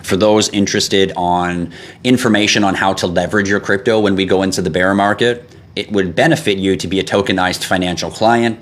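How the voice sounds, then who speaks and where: A man hosting a live stream, reading out viewer questions and answering them bluntly, with lots of swearing. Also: low voice. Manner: blunt and profane, gets irritated and animated. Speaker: livestream host. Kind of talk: casual livestream chat reading comments.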